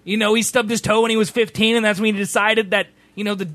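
A man co-hosting a streamed show, chatting casually, excitable and laughing a lot as he acts out silly dialogue. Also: sits high, fast, no echo. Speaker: show co-host. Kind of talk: casual chat while gaming on stream.

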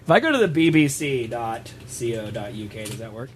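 A man's voice: medium pitch, sing-song, fairly quick, slight background noise. A man hosting a casual reaction stream, chatty and joking. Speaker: streamer host.

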